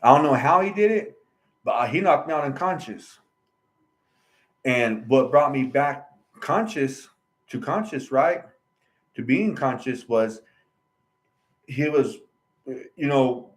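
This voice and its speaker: The audio is poor as a fairly high-pitched man relates his own story in a casual vlog. His rambling is earnest and aggrieved, punctuated often by "right?" and "you know".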